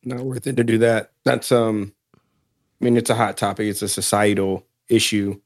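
A man with a low voice chatting on a podcast, sincere and pausing often. He is recorded close and dry. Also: level tone, dry recording. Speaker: podcast co-host. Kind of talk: casual podcast chat.

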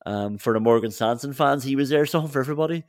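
A man's voice: medium pitch, racing, no echo, studio quality. A man co-hosting a football podcast, chatting casually with laughs and restarts. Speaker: podcast co-host.

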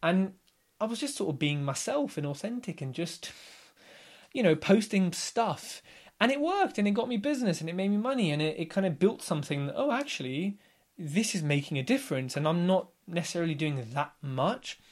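A man's voice: sits high, fairly quick. A man in his thirties chatting casually as a podcast guest, telling stories and acting out other people's lines. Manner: animated storyteller, acts out others' lines.

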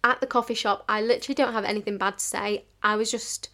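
A woman's voice: medium pitch, steady tone, fast talker, pushed and bright. A woman, hosting a podcast in casual storytelling style, full of "like" fillers and acting out the people in her stories. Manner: chatty, fillers like "like", acts out quoted dialogue. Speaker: podcast host.

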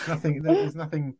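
A man's voice: a little high, dark tone, breathy edge. A man, a guest actor, chatting casually on a podcast in a self-deprecating way, often laughing and trailing off.

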